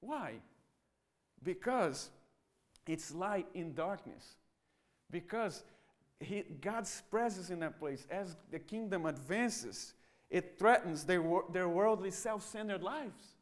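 A man with a fairly high voice preaches a sermon. He is animated and conversational, and he now and then slips into the voices of the people in his stories. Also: slow pace. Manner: animated preaching that acts out mocking voices of others. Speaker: pastor. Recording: church sermon audio.

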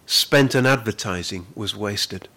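A man's voice: lowish voice, pushed and bright, breathy edge. Earnest male pastor preaching. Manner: earnest, repeats words, slows down to stress scripture. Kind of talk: sermon.

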